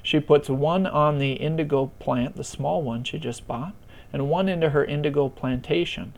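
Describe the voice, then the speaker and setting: A man's voice: on the high side, moderate pace, vocal fry. Easygoing man explaining game rules. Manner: relaxed, conversational, self-deprecating humor. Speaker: board game tutorial presenter.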